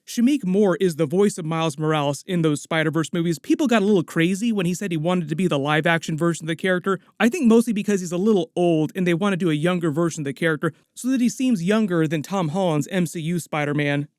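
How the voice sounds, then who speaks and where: A man's voice: on the high side, fast talker, few pauses, no room sound, clean studio sound. A man hosting a movie news channel, talking casually and chatting directly to his viewers. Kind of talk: casual entertainment news commentary.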